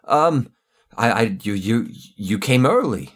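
A man's voice: lively intonation, slow. A man voicing a jittery young henchman who stammers nervously. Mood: nervous, stammering. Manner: stammering, nervous, high and squeaky.

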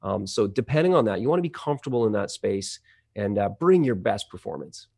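A man's voice: lowish voice, animated, fairly quick, vocal fry, darkish tone, dry recording, clean studio sound. A man who works as an audio engineer, explaining voice-over work in a rambling, conversational way with many fillers and restarts. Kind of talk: conversational podcast interview.

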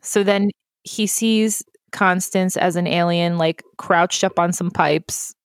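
Dry, lively woman recapping a movie. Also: fairly low pitch, clean tone, no echo. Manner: animated, swearing, quick to laugh. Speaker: podcast co-host. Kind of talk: casual movie recap chat.

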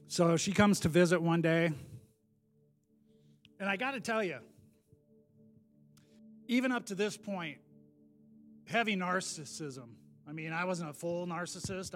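A man preaching his personal testimony in a sermon, animated and self-deprecating, laughing at himself and swinging from loud bursts to hushed asides. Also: fairly high pitch.

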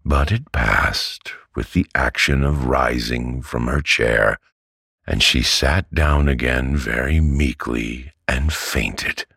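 A man with an extremely deep, gravelly, husky voice reads a classic novel as a bedtime story. He speaks slowly and evenly, and the close, dry recording has no room sound. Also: pushed and bright, no echo. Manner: slow, measured, soothing delivery. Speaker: audiobook reader.

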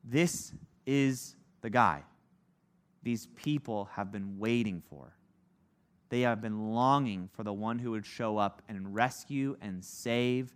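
A preacher with a low-leaning, clear, and resonant voice speaks slowly while teaching a casual Bible lesson. He keeps it conversational, says "like" a lot, and acts out the voices of the people in the story.

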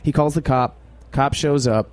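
A man who works as a DJ, telling an anecdote in a casual chat in a brisk, animated way. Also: medium pitch. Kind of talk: casual storytelling.

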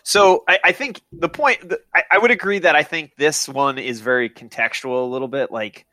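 Bright-voiced man telling a story. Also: on the high side, normal speed, no room sound. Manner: laughing storyteller, leads the segments. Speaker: podcast co-host. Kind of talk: casual chat.

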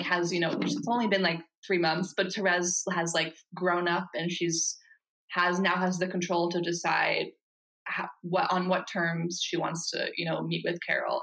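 A woman's voice: fairly low pitch, a bit bright, rough recording. A woman co-hosting a podcast, agreeing and adding thoughtful points in a casual film discussion. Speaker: podcast co-host.

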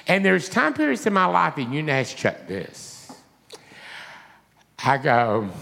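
A man preaching a sermon, telling an emotional story in an animated way. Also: fairly high pitch, a little slow, vocal fry, in a large hall. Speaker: pastor.

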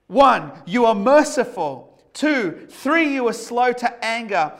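A pastor preaching a sermon to an online congregation in a conversational way, asking listeners direct questions. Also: male voice, very high voice, sing-song, takes it slowly, few pauses.

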